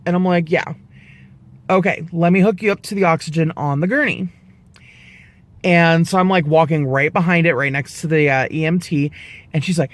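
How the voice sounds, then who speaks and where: A man in his twenties telling a personal story to camera in a casual vlog, animated and profane, acting out the people he quotes. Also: fairly high pitch, normal speed, pauses often. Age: 20s. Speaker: vlogger.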